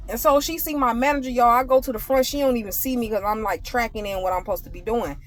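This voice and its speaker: Woman, casual storytime with a spiritual message, animated and chatty, talks straight to viewers. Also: on the high side, quick pace. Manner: animated, conversational, addresses viewers directly. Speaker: vlogger.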